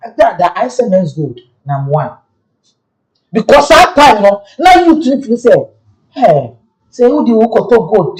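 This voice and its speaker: Animated man rambling in pidgin. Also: high voice, poor audio. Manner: animated, rambling, switching between languages. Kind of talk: casual commentary in pidgin and local languages.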